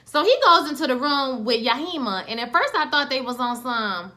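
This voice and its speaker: A woman giving a casual, animated episode recap, slangy and acting out scenes in quoted voices. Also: a little high, fairly quick, few pauses. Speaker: TV show reviewer.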